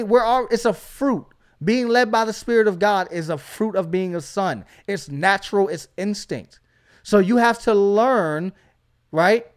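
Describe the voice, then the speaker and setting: Male preacher-host, high voice, emphatic exhorting delivery with lots of call-outs. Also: smooth. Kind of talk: energetic preaching.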